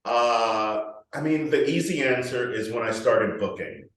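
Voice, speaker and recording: A male actor being interviewed, telling frank, animated stories and swearing freely. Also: medium pitch, a little slow. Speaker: actor guest. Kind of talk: candid interview storytelling. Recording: echoey room, mic far off.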